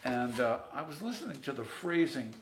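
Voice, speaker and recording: A man's voice: medium pitch, sing-song, moderate pace, reverberant, slight background noise. A man being interviewed, telling chatty stories about his singing lessons and sometimes singing a line to show a point. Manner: chatty, sings phrases to demonstrate. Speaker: interview guest. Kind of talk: storytelling interview.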